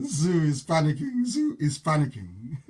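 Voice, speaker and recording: A man on a played live-stream clip who laughs often and shouts with exultant energy. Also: a little high, wildly swooping pitch, slow pace, slightly rough.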